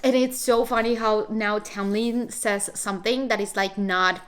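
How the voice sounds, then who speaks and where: A woman in her twenties chatting excitedly in a casual vlog from her bedroom, gushing and rambling with lots of fillers. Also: mid-range voice, measured pace. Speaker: vlogger.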